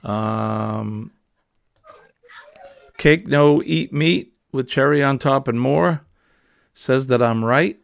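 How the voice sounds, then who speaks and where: A man's voice: medium pitch, very slow, gravelly, pauses often, no echo, clean studio sound. A man with a New England accent hosting a casual, rambling morning livestream chat. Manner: chatty, rambling, easygoing. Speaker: livestream host.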